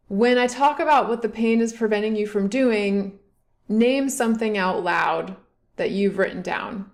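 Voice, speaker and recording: A woman instructor leads a guided tapping session. She talks in a calm, measured way and repeats short affirmations slowly, leaving room for listeners to follow along. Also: medium pitch. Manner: calm, slow guiding with repeated affirmation phrases.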